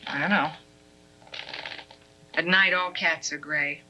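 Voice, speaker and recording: A sardonic young woman from a 1970s film drama. Her bright voice carries a dry, sarcastic bite. She throws off wisecracks without missing a beat. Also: sits low, steady tone, slow, slight background noise, full character voice, rough recording.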